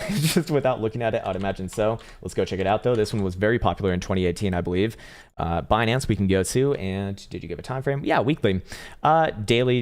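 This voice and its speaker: A man hosting a casual crypto trading livestream, chatty and profane, reading chat and laughing often. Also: sits low.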